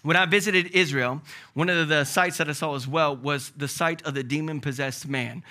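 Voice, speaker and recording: A male pastor preaching a sermon, emphatic and animated, asking rhetorical questions. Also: a little high, normal speed.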